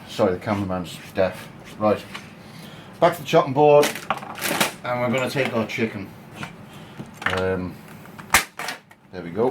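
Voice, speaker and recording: A man's voice: mid-range voice, background noise. A man giving a casual, cheeky and crude cooking demonstration in his home kitchen. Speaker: home cook.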